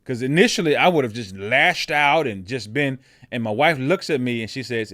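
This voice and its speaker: This podcast host is a man with a heavy, mid-range voice that sounds pushed and bright, with lively intonation at a normal speed. Recorded in studio quality with no echo, he talks through a reflective personal monologue conversationally, often checking in with "right?" He frequently restarts and repeats his words.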